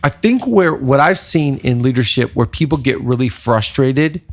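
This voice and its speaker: A man with a gravelly, rough-edged voice hosts a leadership podcast. He talks in a lively preaching rhythm and stacks up repeated phrases to drive each point home. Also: medium pitch, moderate pace. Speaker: podcast host, pastor. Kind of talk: casual leadership podcast talk.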